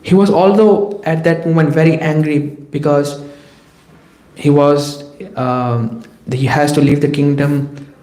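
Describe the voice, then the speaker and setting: A man's voice: on the high side, takes it slowly, echoey room, low-quality recording. Man teaching a scripture class. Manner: lively storytelling, speaks in the voices of the people in the tale. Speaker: lecturer at a daily scripture class. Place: temple hall.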